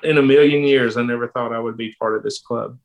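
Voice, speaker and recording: A man in his fifties speaks in a steady middle register, unhurried and halting. He pauses and restarts often as he tells a personal story in a podcast interview. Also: mid-range voice, low-quality recording. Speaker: pastor and police officer.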